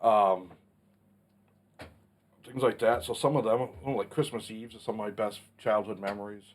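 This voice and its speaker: A forties-something vlog host answers a casual Q&A while hiccuping, keeping it plainspoken, blunt and lightly sweary. The voice is lowish and steady in tone, moving at a moderate pace.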